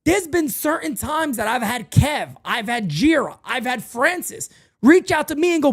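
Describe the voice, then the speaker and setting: Male sports-talk host with a high, lively voice. Emphatic and repetitive, with wide swings in pitch. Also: moderate pace. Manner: animated and emphatic, repeats phrases. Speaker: podcast host.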